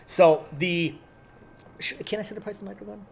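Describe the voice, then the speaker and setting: A man on a casual podcast, promoting sales and programs in a relaxed, teasing way. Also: high-pitched, a little fast, vocal fry, slight background noise. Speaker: podcast co-host at an airsoft field.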